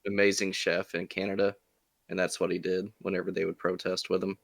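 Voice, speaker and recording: A man in a casual podcast chat, low-key and matter-of-fact. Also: completely flat delivery, fairly quick, gravelly, no echo. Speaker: podcast co-host.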